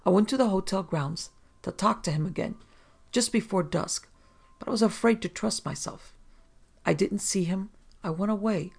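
Brief: scared hunted gambler, read by a gravelly narrator, unsteady and desperate, storybook. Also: mid-range voice, moderate pace, voice pushed up. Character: frightened, desperate American gambler. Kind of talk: audiobook character reading.

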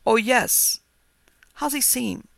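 A man's voice: extremely high pitch, slow pace, vocal fry, fairly bright tone, no room sound, pitched above the performer's own voice, heavily acted. A man playing a confiding theatre manager.

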